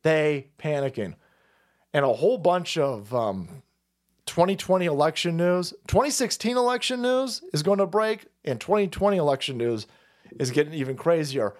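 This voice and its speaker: Man, livestream host, profane sarcastic rant, high voice, wildly swinging pitch. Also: animated, moderate pace. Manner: profane, sarcastic ranting with frequent laughs.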